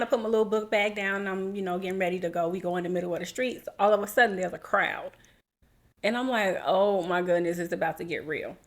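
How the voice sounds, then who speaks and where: A podcast co-host in her thirties, with a medium-pitched voice, tells a personal story in a casual, animated way. She acts out what people said and laughs as she goes.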